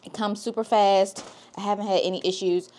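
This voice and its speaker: A woman's voice: mid-range voice, steady tone, fairly quick, darkish tone. A woman loctician casually walking viewers through a hair install and checking in with them as she goes. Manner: chatty, talks straight to viewers with "okay?" tags. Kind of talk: casual hair tutorial vlog.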